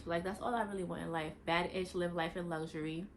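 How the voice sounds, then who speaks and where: Young woman vlogger, lowish voice, candid and slangy, faint hiss behind her. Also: fast talker, few pauses. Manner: candid, animated, slangy, with bursts of high-pitched emphasis. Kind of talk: casual chat while getting ready.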